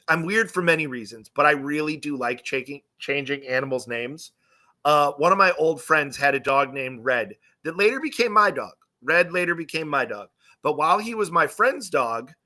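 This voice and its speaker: Bright-voiced young man telling stories. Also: on the high side. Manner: rambling, profane, self-mocking, acts out quoted voices. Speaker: live stream host. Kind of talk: casual storytelling.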